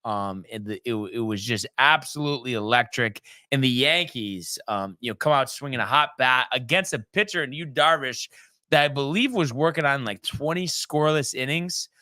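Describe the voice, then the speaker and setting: A man's voice: mid-range voice, normal speed, sharp tone, no room sound. A man hosting a sports talk show, recapping games in a loose, chatty way with many ums and restarts. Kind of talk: casual sports recap chat.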